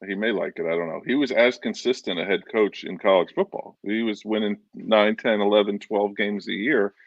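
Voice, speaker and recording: Very deep-voiced man, dull dry sound. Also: steady tone, a little fast, gravelly, dry recording. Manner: earnest, repeats himself, restarts often. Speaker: podcast co-host. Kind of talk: casual sports talk.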